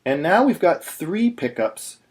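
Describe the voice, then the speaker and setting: A man's voice: fairly high pitch, sing-song, unhurried. A man teaching Torah chanting in a plain, patient voice, stopping to sing short chanted examples. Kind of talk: instructional video narration.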